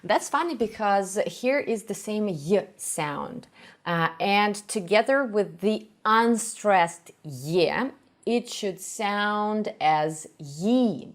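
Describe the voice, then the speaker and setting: A young woman from Russia with a Russian accent, teaching pronunciation in a reaction video, explaining with many pauses and repeating sounds to demonstrate them. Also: mid-range voice, lively intonation. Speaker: language teacher.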